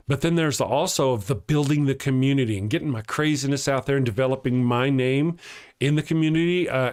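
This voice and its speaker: A man hosting a casual livestream show, reading viewer comments aloud, joking and laughing often as he rambles and restarts his sentences. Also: medium pitch. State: has a headache. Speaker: host of an atheist morning show.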